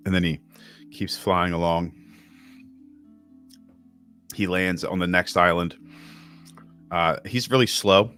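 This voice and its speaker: A man narrating a tabletop game as game master, rambling and relaxed with many fillers. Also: low voice, slow pace, long pauses, clean tone, faint music behind.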